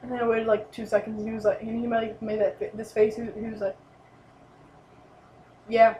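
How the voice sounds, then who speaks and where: A woman's voice: on the high side, fairly quick. Rambling young woman in an echoey room. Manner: rambling, excited, lots of "like" and "and then". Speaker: vlogger. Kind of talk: casual storytelling. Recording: echoey room, light noise.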